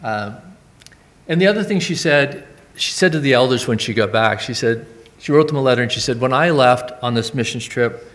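A man's voice: medium pitch, animated, moderate pace, fairly bright tone. A man in his forties, a church member, telling a personal mission-trip testimony in earnest, rambling anecdotes with asides.

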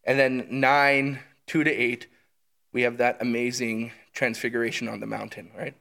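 A man's voice: medium pitch, level tone, normal speed, creaky, bright, forceful tone. A man teaching through a book of scripture in a conversational way, eager and often checking in with his listeners. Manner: enthusiastic, often checks in with "right?". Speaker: Bible teacher.

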